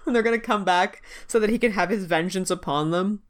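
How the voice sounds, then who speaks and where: A woman's voice: medium pitch, brisk. A woman co-hosting a podcast in casual chat, laid-back and laughing often, with dry quips. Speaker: podcast co-host.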